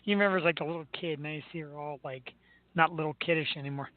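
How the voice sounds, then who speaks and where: A man's voice: fairly high pitch, steady tone, very fast, no echo. A man from Philadelphia hosting a show, talking sports in an enthusiastic, chatty way and laughing easily. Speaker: show host. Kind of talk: casual sports talk. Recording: tinny phone-like line with faint noise.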